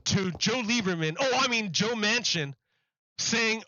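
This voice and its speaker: A man's voice: high voice, animated, unhurried, pushed and bright, no room sound, lo-fi sound. A man on a live stream ranting about politics, emphatic and mocking, repeating himself for effect.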